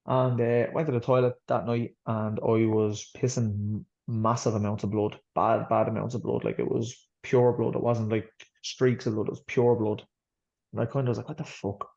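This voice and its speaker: In a lo-fi, slightly dull interview recording, a boxer from Ireland recounts his story as a guest, rambling, blunt and cursing freely. He talks at normal speed in a lowish, gravelly, slightly mellow voice with little pitch movement.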